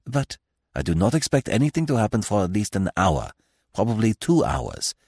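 A fastidious older Belgian detective in a storybook reading, curt and commanding, with a deep, clipped voice as a man puts him on. He sounds dry and close. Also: sing-song, darkish tone, slightly rough, dry recording, full character voice. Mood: tense. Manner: curt, commanding, sprinkled with French.

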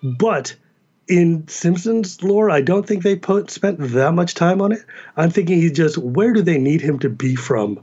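Cali guy chatting on a podcast, kinda high voice, muffled lo-fi sound, fast asides. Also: husky. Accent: Californian American. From United States. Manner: animated, quick asides and laughs. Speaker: podcast guest. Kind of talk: casual chat.

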